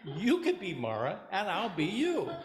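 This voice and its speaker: Weary demon king who whines and complains, a man putting him on, higher and louder than his own voice, in an echoey room. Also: wildly swooping pitch, measured pace, full character voice. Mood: exasperated. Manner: whiny, exasperated complaining. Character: weary male demon king tired of scaring people.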